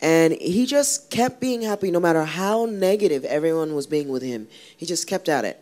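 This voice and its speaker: With a low, darkish voice that's animated at a normal pace, this woman singer chats casually as an interview guest. She spins a rambling story and restarts often.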